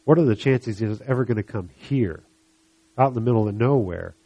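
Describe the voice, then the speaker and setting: A pastor with a husky, mid-range voice preaches briskly, retelling a Bible story in an animated way. He acts out the voices of the people in the story.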